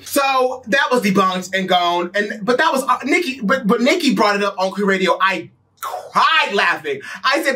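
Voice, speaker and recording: High, lively, sassy male pop commentator. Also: normal speed, distant mic. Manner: sassy, gossipy, laughs often, swears freely. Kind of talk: casual commentary vlog.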